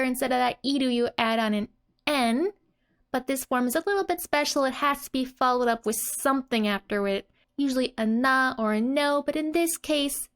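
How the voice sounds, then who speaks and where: A young adult woman teaching a language lesson in a casual, explanatory way, giggling often between her explanations. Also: fairly high pitch.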